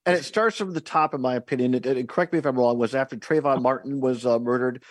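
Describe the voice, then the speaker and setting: A man hosting a call-in radio show with a plain, mid-pitched voice. He talks earnestly and often stumbles over his first words. The studio mic is close and dry. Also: fast, dry recording. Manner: earnest, repeats words when starting sentences. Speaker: radio talk show host.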